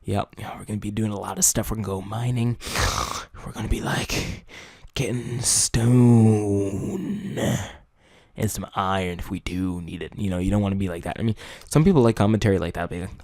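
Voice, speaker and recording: A young man giving casual video-making tips, rambling and correcting himself, sometimes mumbling and then jumping into loud high-pitched bursts. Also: fast talker, gravelly, no echo, studio quality. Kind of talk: casual unscripted chat.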